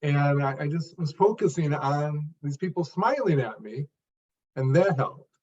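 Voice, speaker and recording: Man with a slightly high voice, speaking from a distance. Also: expressive, measured pace, darkish tone, dull audio. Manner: speaks in short emphasized phrases, with repeated restarts. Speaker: speech coach and speaker. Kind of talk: conversational interview answer.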